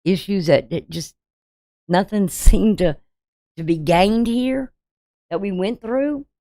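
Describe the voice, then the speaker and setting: An astrologer and tarot reader delivers a forecast, preaching emphatically and firing rhetorical questions at her viewers. Her medium-pitched voice is mellow and slow, captured in a dry, clean studio recording.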